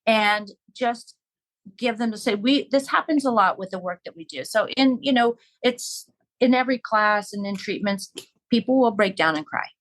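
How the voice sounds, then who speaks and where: A woman's voice: a little high, normal speed, fairly bright tone, poor audio. A woman talking earnestly and reflectively in a casual podcast conversation.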